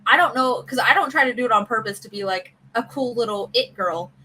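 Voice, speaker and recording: A woman from the American South hosting a podcast, chatting casually and telling stories with lively voice play. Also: fairly high pitch, fairly quick, breathy edge, poor audio. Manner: chatty, animated storytelling with voice play. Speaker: podcast host. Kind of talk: casual chat.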